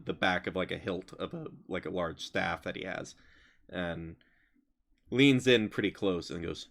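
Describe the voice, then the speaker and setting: A man's voice: sits low, fairly bright tone. A man narrating as game master in casual chat, with many fillers.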